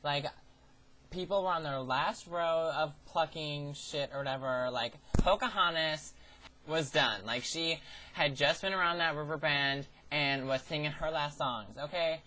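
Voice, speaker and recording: A man's voice: fairly high pitch, a little slow, pushed and bright, slight background noise, low-quality recording. A teenage guy vlogging a story about a summer job, in a sassy, profane, theatrical way. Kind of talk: ranting personal storytelling.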